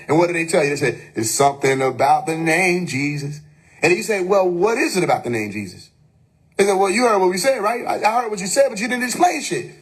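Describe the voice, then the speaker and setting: A man with a high, husky voice gives a spiritual monologue into a phone. He preaches emphatically, fires off rhetorical questions and swears casually. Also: fairly bright tone. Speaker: live stream host.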